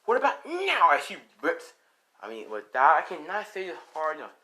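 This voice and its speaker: A man's voice: fairly high pitch, normal speed, poor audio. A man casually improvising a fan story, rambling with many fillers and asides. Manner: rambling, filler-heavy, animated.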